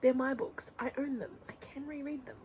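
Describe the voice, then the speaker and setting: A woman's voice: sits high, steady tone, brisk, noisy background. A young woman chatting casually in a reading vlog at home, gushing and rambling, often dropping to a whisper. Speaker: book vlogger. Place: home room.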